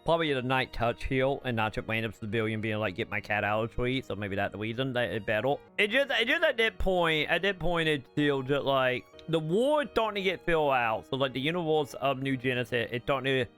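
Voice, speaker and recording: A man's voice: mid-range voice, animated, fairly quick, few pauses, a bit bright, faint music behind. A man hosting a gaming channel, ranting casually about a game's story, rambling with fillers and restarts and swearing bluntly when exasperated.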